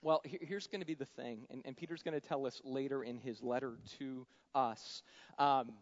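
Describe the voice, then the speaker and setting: A man preaching a sermon in a conversational style, moving between loud emphatic lines and soft, quiet ones. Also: mid-range voice, normal speed. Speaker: pastor. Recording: dull lo-fi sound.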